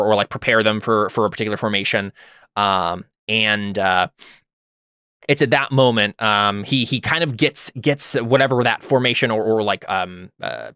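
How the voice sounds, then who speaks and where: A man's voice: fairly low pitch, bright, forceful tone, clean tone, no echo, clean studio sound. A young man narrating a tabletop game as game master, rambling with many fillers and self-corrections.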